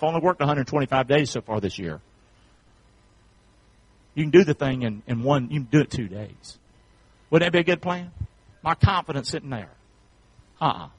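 A pastor, preaching a sermon in call-and-response, building up to rapid repeated shouted questions. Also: male voice, medium pitch, expressive, husky, dry recording.

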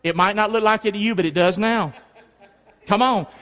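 A man's voice: sits high, moderate pace, a bit bright. A middle-aged male pastor preaching a sermon, leading the crowd in call-and-response and hand signs. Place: church sanctuary. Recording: long reverb in a large hall.

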